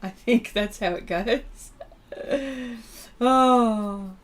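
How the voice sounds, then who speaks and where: Slow, chatty woman art instructor. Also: a little high. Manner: chatty, reads and answers viewer comments while working; halting, many fillers and restarts. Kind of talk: livestream painting demonstration.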